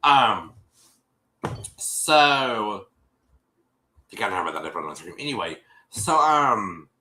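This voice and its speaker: A man's voice: on the low side, very animated, slow pace, bright, forceful tone, reverberant, poor audio. A man casually recapping a show for his livestream viewers, rambling with lots of repeats and restarts. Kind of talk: casual chat. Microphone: streaming mic.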